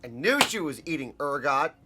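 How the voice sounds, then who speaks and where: A man playing a tabletop game, animated and laughing, with loud outbursts. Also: on the high side, normal speed, very noisy. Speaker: player.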